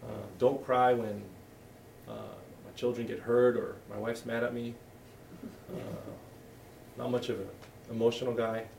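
Middle-aged guy pastor giving a sermon, gravelly voice, roomy echo, a bit far from the mic. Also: medium pitch, little pitch movement, unhurried, a little mellow, slight background noise. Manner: candid, conversational, with frequent restarts. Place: church hall. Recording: echoey room, voice from a distance.

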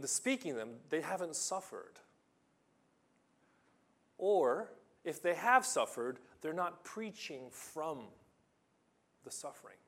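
Guy preaching slow and fired up, kinda high voice, stumbles over words when he gets excited. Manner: impassioned, rising to loud emphatic reading of scripture. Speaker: pastor. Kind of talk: sermon.

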